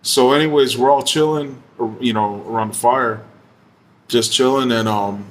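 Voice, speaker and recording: A man telling a story in a relaxed, casual way, full of slang, swearing and fillers like "you know". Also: mid-range voice, normal speed. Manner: laid-back, slangy and profane, heavy use of fillers.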